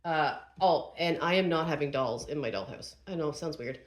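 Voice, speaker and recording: A woman's voice: deep voice, moderate pace. A woman vlogger narrating casually to herself as she assembles furniture, chatty and self-deprecating.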